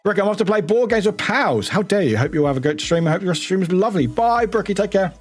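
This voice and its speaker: A man's voice: high-pitched, animated, quick pace, slightly rough, faint music behind. A man streaming live, chatting casually and greeting viewers in a chaotic, giggly, self-mocking way, swearing casually.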